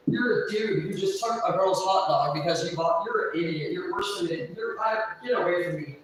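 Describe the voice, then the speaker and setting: In an echoey room, a woman with a mid-range voice speaks from a distance from the mic as she livestreams. She's a little tipsy, telling her story through a long, profane, agitated rant and venting rapidly.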